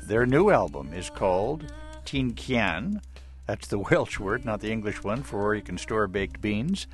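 Male radio host, low voice with lively swings, easygoing interviewer. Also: soft background music. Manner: easygoing and curious, quick to laugh.

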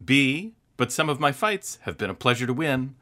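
A woman co-hosting a talk show, reading quiz options aloud in a teasing, lively way. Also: extremely low pitch, normal speed. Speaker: co-host.

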